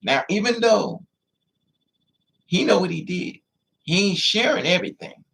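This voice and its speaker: Vlogger, male, a little higher-pitched, gravelly and husky; animated storyteller who acts out the other people in his story. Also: measured pace. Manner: repetitive, emphatic. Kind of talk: storytelling monologue.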